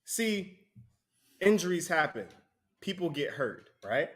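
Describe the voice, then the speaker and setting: A man's voice: on the high side, very animated, slow pace, a bit bright. A man preaching a conversational sermon, often breaking into laughter between points.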